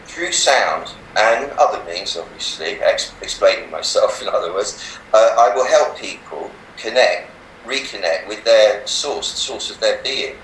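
An older man, a healer and meditation teacher, telling animated stories in an interview and laughing often. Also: fairly low pitch, measured pace. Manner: animated anecdotes, laughs often, acts out voices in quotes. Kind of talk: storytelling in a relaxed interview. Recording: roomy, slightly distant mic with faint background noise.

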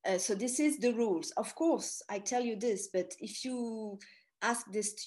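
A woman's voice: on the high side, unhurried, darkish tone. A middle-aged woman with a French accent, giving an anecdotal talk with chatty asides as a speaker and tour guide. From France. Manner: chatty, storytelling with asides and fillers.

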